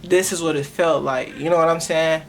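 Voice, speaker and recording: A woman's voice: low-pitched, steady tone, normal speed, a little hiss or hum. A young woman, hosting her own podcast and sharing a personal testimony in an earnest, emotional way, often stopping and restarting her words. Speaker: podcast host.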